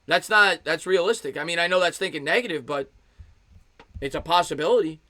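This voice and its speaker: Excited fan calling play-by-play, bright voice. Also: male voice, fairly quick, no echo. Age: 30s. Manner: excited fan calling pitches, thanks chat viewers. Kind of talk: live play-by-play commentary with chat replies.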